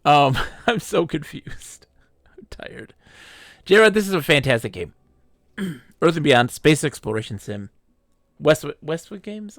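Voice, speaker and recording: A man's voice: a little high, big pitch swings, unhurried, pauses often, dry recording, studio quality. A man streaming himself playing a space game, chatting casually in a goofy, playful, rambling way. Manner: goofy and playful, chanting silly repetitions; rambling, self-deprecating asides. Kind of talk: casual live-stream commentary.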